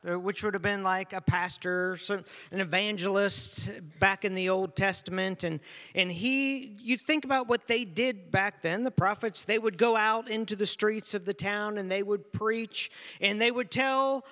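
Bright, high male preacher telling a story with animated restarts; long hall reverb. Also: normal speed. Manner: animated, repeats words when starting phrases. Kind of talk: storytelling sermon.

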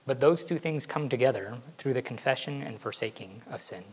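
A man's voice: mid-range voice, fairly quick, slightly rough, poor audio. A male pastor giving a conversational sermon, laughing now and then and acting out what his kids say. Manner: conversational, laughs often, acts out kids' voices.

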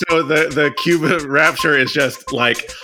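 A man's voice: fairly high pitch, unhurried, over music. A man co-hosting a trivia podcast, bantering playfully and laughing often. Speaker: podcast co-host. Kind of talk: casual banter.

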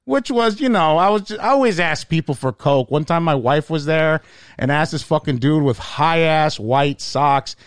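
A man, a stand-up comedian, tells stories in a loose, profane podcast conversation. His delivery is animated and punchy, and he drops in quick put-on voices. The sound is dry and close to the mic with no room behind him. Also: a little high, no echo. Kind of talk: casual podcast chat, storytelling.

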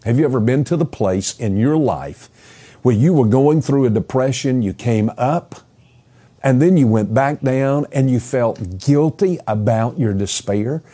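Man preaching slow, husky, keeps repeating words, asks the crowd questions. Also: mid-range voice, warm tone. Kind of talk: expository sermon.

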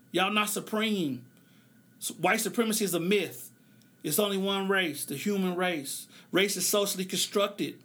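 A man's voice: high voice, a bit bright. A man hosting a solo podcast, speaking, passionate and preacher-like, loose and joking at times. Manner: impassioned, preaching cadence, drawn-out phrases; loose, joking, laughs often. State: emotional, tearing up. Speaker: podcast host.

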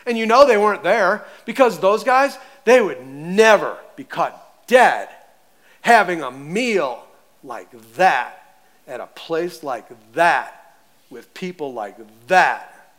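Male pastor, high voice, lively conversational sermon delivery. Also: takes it slowly. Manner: animated, conversational, acts out voices.

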